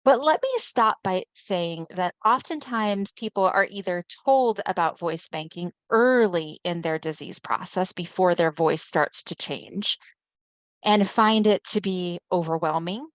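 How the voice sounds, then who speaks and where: A woman's voice: lowish voice, no room sound. Chatty woman presenting a webinar. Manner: conversational, often checks in with listeners. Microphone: video call mic.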